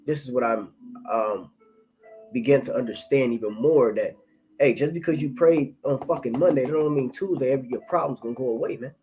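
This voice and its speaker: A man gives a loose, profane spoken testimony in an ordinary mid-range voice. He restarts and repeats himself, then slows down and reads scripture with more weight. Faint music plays underneath. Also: medium pitch, dark tone, rough recording.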